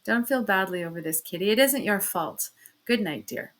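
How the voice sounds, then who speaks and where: A woman reading a story aloud, voicing an earnest poor young man who speaks soberly and low. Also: lively intonation, normal speed, fairly bright tone, lightly acted. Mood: gentle.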